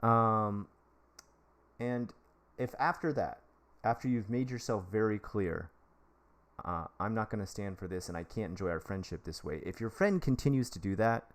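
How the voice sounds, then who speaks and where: A man in his thirties hosting a live stream, chatting casually as he gives advice and breaks off excitedly to thank donors. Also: fairly low pitch, normal speed. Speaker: livestream host giving advice.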